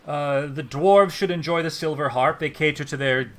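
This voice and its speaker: Dude doing a nervous elf clerk, high-ish, stammery, sucking up. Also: male voice, moderate pace, a bit bright, close to an everyday voice. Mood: flustered. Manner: stammering, fawning. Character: fussy male elf bureaucrat, obsequious.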